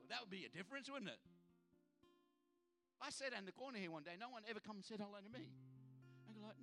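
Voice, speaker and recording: A man preaches a sermon in a lively, conversational way, stumbling over restarts and acting out little quotes. His voice sits high and sounds bright and forceful, with faint guitar playing behind him. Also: fast talker, pauses often. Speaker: pastor. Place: church hall.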